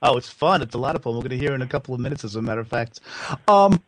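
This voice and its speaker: A man's voice: medium pitch, expressive, rapid-fire, no room sound, low-quality recording. Chatty male radio host. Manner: chatty, effusive interviewer. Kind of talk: interview chat.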